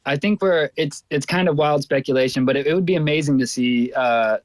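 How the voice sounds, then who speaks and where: A man's voice: on the high side, a little fast, no echo, low-quality recording. A man co-hosting a casual online voice chat, musing in an easygoing way with many fillers. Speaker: co-host. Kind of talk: casual chat on a live audio space.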